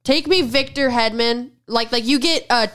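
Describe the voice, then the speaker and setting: A woman's voice: on the high side, normal speed, fairly bright tone, clear, resonant tone. A woman co-hosting a casual sports podcast, bluntly arguing her hockey opinions and pushing back firmly. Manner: assertive and blunt, pushes back with firm opinions. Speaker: podcast co-host. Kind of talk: casual sports debate chat.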